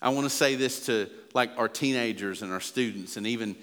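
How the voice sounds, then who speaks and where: A pastor preaches a sermon in a fairly quick, slightly bright voice, earnest and emphatic, his pitch and volume building as he presses each point. Long hall reverb surrounds the recording.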